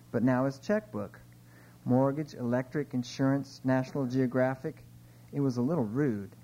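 A middle-aged man reading his own short stories aloud, relaxed and chatty between passages. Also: medium pitch, low-quality recording. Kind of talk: informal live reading of short fiction.

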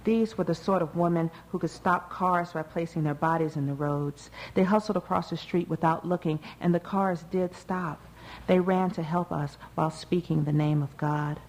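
A woman reading a first-person novel aloud in a measured, even way. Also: low voice, a little hiss or hum, low-quality recording. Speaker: audiobook narrator. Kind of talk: first-person literary narration.

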